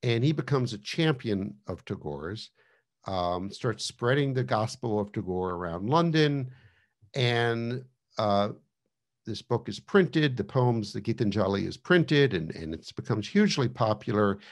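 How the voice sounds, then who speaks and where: Low, gravelly man lecturing. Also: animated, unhurried. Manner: conversational with fillers and restarts. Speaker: author giving an online lecture. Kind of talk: casual lecture. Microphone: video call.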